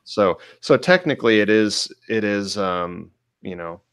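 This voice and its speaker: Male co-host, blacksmith, low gravelly voice, dry mic, rambling explainer. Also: animated, measured pace, fairly bright tone, no echo. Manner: explains technical details with many fillers. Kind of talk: casual podcast chat.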